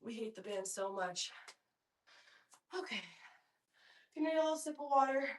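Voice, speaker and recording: A woman's voice: fairly high pitch, expressive, measured pace, recorded from a distance. A young woman leading a home pilates workout, counting reps and cheering people on between breaths. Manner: encouraging, counting reps, chatty asides. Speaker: pilates instructor. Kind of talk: guided workout instruction. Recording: echoey room, voice off-mic.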